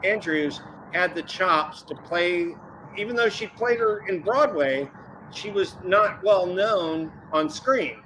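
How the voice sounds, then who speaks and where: A man's voice: sits high, animated, takes it slowly, background noise. A man in his fifties chatting casually on a geek talk stream, rambling, playful and often correcting himself. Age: 50s. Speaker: panelist on a geeky chat stream. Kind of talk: casual chat.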